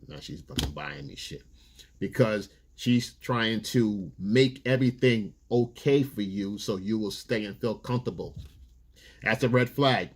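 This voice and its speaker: A man's voice: lowish voice, animated, a little slow, breathy edge. A man, a dating coach, giving blunt, profane, casual advice in a loose street style.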